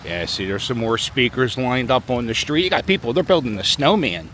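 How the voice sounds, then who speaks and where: A man's voice: mid-range voice, lively intonation, brisk, hardly any pauses, a bit bright, slight background noise. A middle-aged man, vlogging outdoors on a snowy city plaza, talking chattily in a joking, rambling way into a handheld camera as he walks. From Philadelphia. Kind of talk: casual walking vlog commentary.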